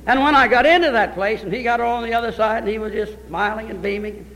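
High-voiced preacher in an echoing hall. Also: male voice, fast talker. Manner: folksy, animated storytelling. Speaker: pastor. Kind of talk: sermon. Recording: reverberant church hall.

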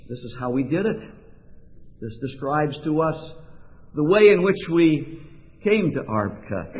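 A man preaches a sermon, unhurried and emphatic, leaning into pauses. His voice has a thin, narrow-band tone, as if heard over a phone line. It rings with a long reverb, like a big church hall. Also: medium pitch. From Oregon, USA.

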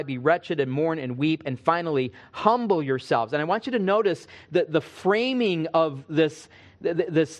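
A man preaching an expository sermon, his voice sitting a little on the high side. He reads scripture aloud and breaks it down verse by verse, leaning on emphatic pauses. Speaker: pastor.

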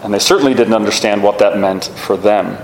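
A man preaching a sermon in an animated way, often asking his listeners rhetorical questions. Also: on the low side, fairly quick, slight background noise. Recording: echoey hall with faint ambience.

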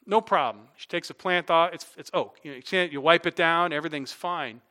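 Man, pastor, sermon, bright voice, slightly high pitch, emphatic repetition. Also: fairly quick. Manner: illustrative storytelling and emphatic repetition, closing in prayer.

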